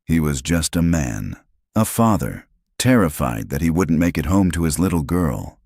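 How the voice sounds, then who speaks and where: A man's voice: extremely low pitch, sing-song, moderate pace, darkish tone, dry recording, studio quality. A man narrating a scripted story with a dramatic, suspenseful delivery.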